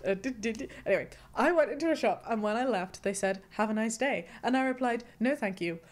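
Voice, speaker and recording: A woman's voice: fairly high pitch, expressive, fairly quick. A young woman hosting a casual chat, bubbly and self-mocking, often breaking into giggles. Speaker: host.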